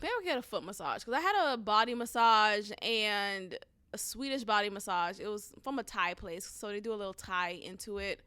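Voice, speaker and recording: A young adult woman hosting a podcast, ranting casually in an animated, profane way that flares into loud outbursts. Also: medium pitch, moderate pace, clean tone, dry recording. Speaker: podcast host. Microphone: close studio mic.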